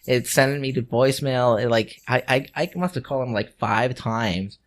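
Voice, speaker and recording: A podcast co-host with a medium-pitched voice, speaking at normal speed, tells a story in casual chat. He swears freely, laughs, and acts out the people he quotes.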